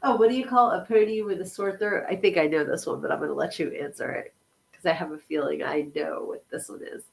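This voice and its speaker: A woman's voice: low voice, quick pace, gravelly, a little hiss or hum, poor audio. A woman hosting a casual livestream podcast, giggling as she reads corny jokes from the chat. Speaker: podcast host.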